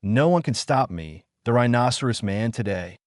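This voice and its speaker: A man's voice: medium pitch, animated, normal speed, dry recording, studio quality, natural voice. A man voicing a hulking, boastful rhinoceros-man villain who speaks in a muffled, slightly slurred voice. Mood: furious. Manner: gloating and threatening.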